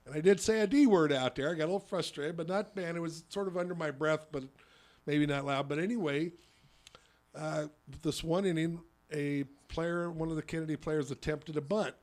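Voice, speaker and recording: A man who hosts a radio talk show and coaches youth softball, telling a story with rambling restarts. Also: on the high side, moderate pace. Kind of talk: casual radio chat.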